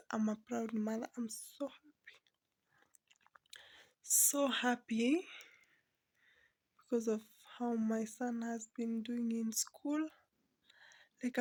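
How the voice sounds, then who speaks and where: A young woman vlogging casually as a mother, talking softly and often near a whisper, switching between English and Swahili, emotional and close to tears. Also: a little high, dry recording. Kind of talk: casual vlog talk to camera.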